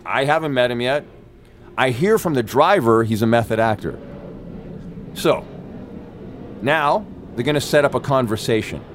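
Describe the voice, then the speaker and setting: A man, an actor, telling stories as an interview guest, energetic and profane, acting out quoted lines with big jumps in his voice. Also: mid-range voice, moderate pace, long pauses, a little hiss or hum. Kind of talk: animated storytelling.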